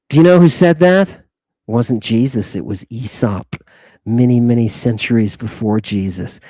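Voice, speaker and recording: Male host, livestreamed lecture; emphatic, repeats himself, talks at the audience; unhurried delivery. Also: medium pitch, dark tone, dry recording, studio quality. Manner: combative, addresses audience directly; emphatic, repeats his points.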